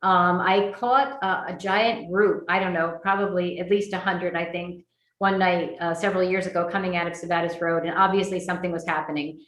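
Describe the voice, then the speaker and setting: A woman's voice: on the low side, steady tone, a little fast, a bit bright. Chatty birding woman in an echoey room. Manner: chatty, with many fillers and restarts. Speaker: birding workshop presenter. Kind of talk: virtual lecture with slides.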